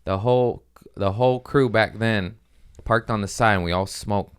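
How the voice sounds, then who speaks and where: A man hosting a comedy podcast, telling a story in a casual, profane, animated way and jumping into quick voices. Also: fairly low pitch, smooth.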